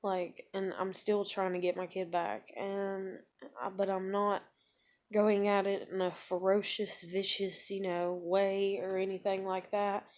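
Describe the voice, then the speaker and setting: Thirty-something woman ranting at home, rambly and cussing a lot, mid pitch. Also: level tone, a little slow. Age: 30s. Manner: rambling, profane, frustrated. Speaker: vlogger. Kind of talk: casual venting monologue. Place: room at home.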